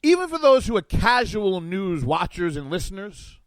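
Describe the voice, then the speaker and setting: A man's voice: high-pitched, very animated, normal speed, no room sound, rough recording. A man guest-hosting a political talk radio show, reading from an article and riffing on it sarcastically at a studio microphone.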